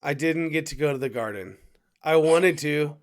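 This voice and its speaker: A man hosting a podcast, telling a travel story in a rambling, animated way with plenty of restarts. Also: fairly high pitch, moderate pace. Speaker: podcast host. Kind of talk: casual chat, storytelling.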